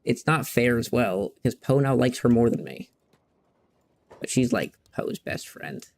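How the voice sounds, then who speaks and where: A man's voice: mid-range voice, big pitch swings, unhurried, a little hiss or hum. A man hosting a gaming video, chatting casually in a rambling, candid way and swearing now and then. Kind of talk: casual chat while playing.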